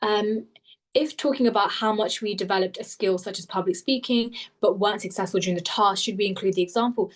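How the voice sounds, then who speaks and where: A young woman tutoring interview skills in a live webinar, talking fast with animated, self-correcting explanations over a video call. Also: medium pitch.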